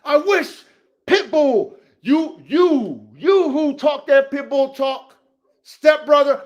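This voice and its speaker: A man hosting a show about his dogs, ranting profanely to viewers, swinging from low mutters to heated shouting, with repeats and restarts. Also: lively intonation, slow. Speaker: podcast host and dog breeder. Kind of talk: rant to viewers.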